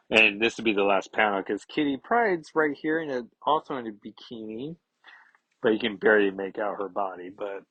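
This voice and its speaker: A man's voice: mid-range voice, fairly bright tone, dry recording, highs cut off. A man hosting a casual comic-book recap, talking loosely with sarcastic asides. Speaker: comic book podcast host.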